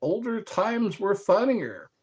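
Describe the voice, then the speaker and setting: With a high-sitting voice that swings widely in pitch, this livestream host takes things slowly. He rambles casually through viewer comments and chuckles often, over a little hiss or hum.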